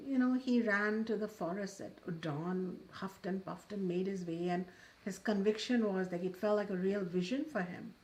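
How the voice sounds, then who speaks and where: A woman's voice: mid-range voice, darkish tone. A woman spiritual teacher giving a talk, telling a parable in a storyteller's manner and drawing out key words for emphasis, then leading a guided meditation.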